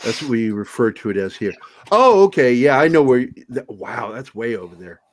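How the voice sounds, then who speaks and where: A man's voice: mid-range voice, brisk. Profane older man telling stories. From Virginia, USA. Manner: profane, animated storytelling with put-on voices. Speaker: podcast guest. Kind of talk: casual chat, storytelling.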